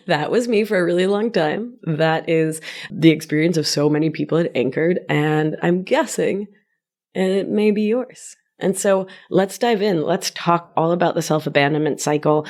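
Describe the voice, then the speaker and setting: A woman from Argentina talks through her podcast on her own, upbeat and quick to tease herself. Her voice sits on the lower side for a woman, and she laughs easily between thoughts. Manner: warm, upbeat and self-teasing, laughs easily. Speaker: podcast host and life coach. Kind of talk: solo podcast monologue.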